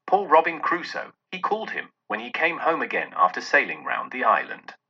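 A man reading aloud voices a tearful old miser who talks excitedly, half laughing and half crying. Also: fairly high pitch, normal speed, breathy edge, exaggerated voice. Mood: giddy. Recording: dull lo-fi audio.

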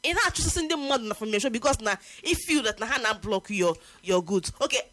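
A Nigerian woman co-hosting a casual chat, talking in an animated, indignant way. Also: a little high, fast, no room sound. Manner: animated, indignant, mixing languages.

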